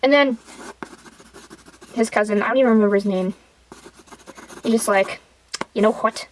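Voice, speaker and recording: A woman with a fairly high voice retells a film while drawing, rambling and irreverent. Her talk is full of fillers and asides. A faint noise sits behind her. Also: normal speed, poor audio. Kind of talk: rambling casual film recap.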